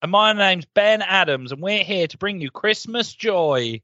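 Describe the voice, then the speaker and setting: A man co-hosting a casual podcast, ranting and swearing in an animated, jokey way. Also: sits high, unhurried, no room sound, highs cut off. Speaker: podcast co-host. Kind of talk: casual chat.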